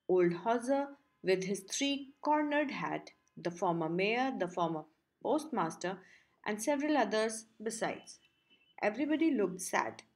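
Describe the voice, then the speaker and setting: Female audiobook narrator, steady clear storytelling, medium pitch. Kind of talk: audiobook reading.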